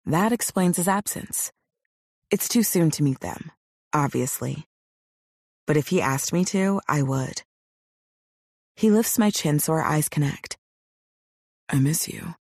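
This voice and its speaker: A woman voicing a young man, a tender and eager lover, with a husky, hushed voice in an audiobook. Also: low voice, expressive, measured pace, long pauses, no echo, studio quality, heavily acted. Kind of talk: audiobook character voice.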